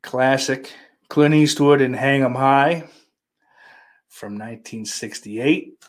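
Male vlog host, unhurried, mid-pitched, swears constantly, offhand and meandering delivery. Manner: profane, rambling, offhand, full of fillers. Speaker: channel host showing his movie purchases. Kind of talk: casual rambling vlog chat.

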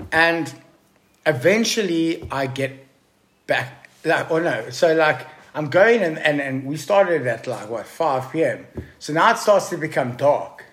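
A man telling a story casually to a podcast host, swearing freely and calling him bro. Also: a little high. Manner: profane, excitable storyteller addressing the listener as bro. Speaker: podcast guest.

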